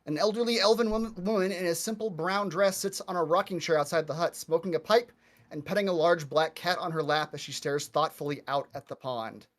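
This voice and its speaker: A man running a tabletop game as dungeon master, relaxed and chatty, laughing easily. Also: on the high side, brisk.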